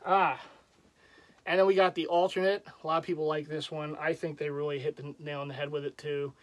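A man's voice: fairly high pitch, flat delivery, fairly quick. A man casually showing off his collection in a rambling, self-deprecating vlog, chuckling often. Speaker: jersey collector vlogger. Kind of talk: casual show-and-tell vlog.

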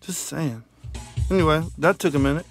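Silly high-voiced male vlogger, loose and rambling, phone mic, soft guitar under. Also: moderate pace. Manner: goofy, rambling, silly shout-outs. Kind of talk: rambling comedic vlog.

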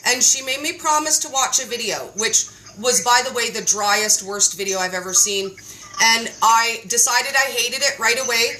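A woman hosting a casual chat, telling stories in an animated, playful way and acting out quotes. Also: a little high, normal speed, poor audio. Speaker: host.

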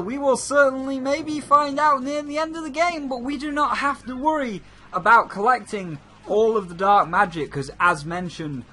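A man's voice: sits high, bright, forceful tone, slight background noise. A man giving casual, joking gameplay commentary as a let's play host, into a condenser mic with a pop filter. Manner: chatty, joking. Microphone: USB condenser with pop filter.

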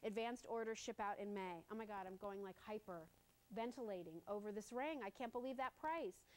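A woman hosting a live home shopping show, gushing excitedly over jewelry in a quick sales patter with playful asides. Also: mid-range voice.

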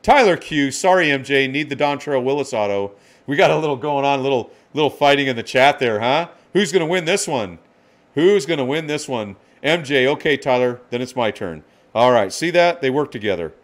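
A man hosting a live card-break stream, excitedly calling out each card and greeting viewers by name. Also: medium pitch, fairly quick.

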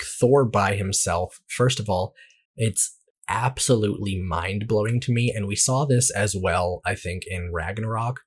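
Husky low-voiced man chatting about movies. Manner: rambling, animated, frequent restarts and fillers. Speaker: podcast co-host. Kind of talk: casual movie review chat.

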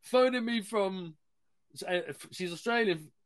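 A man's voice: high-pitched, measured pace. A man, co-hosting a casual live podcast and telling stories in heavy slang with lots of swearing. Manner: animated, swearing, slang-heavy storytelling with frequent laughs. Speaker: podcast co-host.

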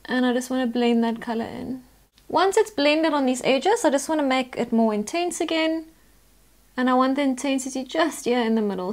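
In this step-by-step makeup tutorial, the host, a woman with a high voice, talks through every stage. Her manner is chatty and instructional.

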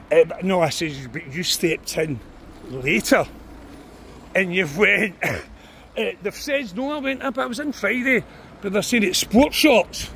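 A man's voice: sits high, creaky, pushed and bright, a little hiss or hum. An older man with a Glaswegian Scottish accent, vlogging on a phone outside a club at night, arguing and swearing in a rambling way. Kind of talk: confrontational street vlog. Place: outdoors on a city street at night.

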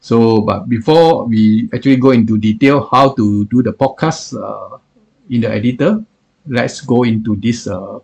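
Halting man with a gravelly husky voice. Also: medium pitch, darkish tone. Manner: halting, filler-heavy, repeats "what I call". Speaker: software reviewer. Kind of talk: screen-recorded software demo.

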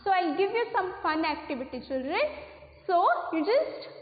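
A woman teacher with an Indian English accent gives a class lesson slowly, often checking "okay, children?". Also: very high voice, animated. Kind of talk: recorded online class lesson. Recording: echoey room over a tinny phone line.

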